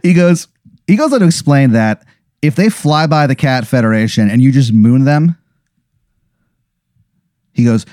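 A man's voice: medium pitch, animated, normal speed, pauses often, darkish tone, no room sound, clean studio sound. A man improvising a comic scenario as the storyteller, rambling with fillers. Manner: rambling, with fillers, laughing at his own bits. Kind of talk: improvised comedic narration.

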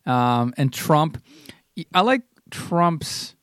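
A man's voice: fairly high pitch, very animated, drawn-out words, a bit bright, clean tone, no echo, studio quality. A man co-hosting a podcast in casual chat, wry and joking.

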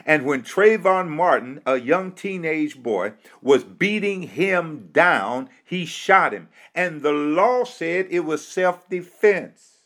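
Speaking at a medium pitch, this American man gives a fervent, preacher-like address. Rhetorical questions and a refrain he keeps returning to hold it together.

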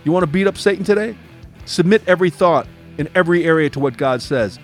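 Emphatic man preaching, fairly high voice. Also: expressive, faint music behind. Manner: emphatic, acts out voices in quick asides. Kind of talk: devotional teaching.

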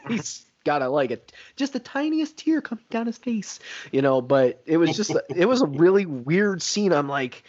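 A man co-hosting a casual film podcast, talking in an animated way, swearing and laughing often. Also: on the high side, moderate pace. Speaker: podcast co-host. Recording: slightly dull lo-fi audio.

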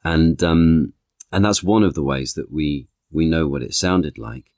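A man with an extremely deep, low voice talks through ideas as a podcast guest. He restarts phrases often and keeps reaching for one analogy after another. The sound is dry and close, with no room around it. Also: measured pace, vocal fry, a little mellow, no room sound. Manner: thoughtful, stacks analogies, frequent restarts and "you know". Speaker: podcast guest, actor and author. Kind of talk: conversational interview.

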